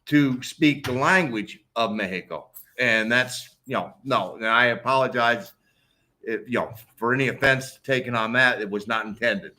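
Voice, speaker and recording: An American man co-hosting a casual livestream, speaking haltingly and repeating words as he starts his sentences. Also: medium pitch, sharp tone. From United States. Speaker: co-host of a livestream.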